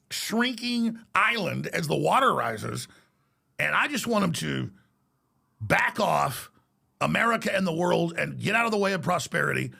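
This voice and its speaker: Man, interview guest, defiant rant, high lively voice, sharp tone. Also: moderate pace. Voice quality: gravelly. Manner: combative, ranting, defiant. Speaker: podcast guest. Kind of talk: heated interview talk.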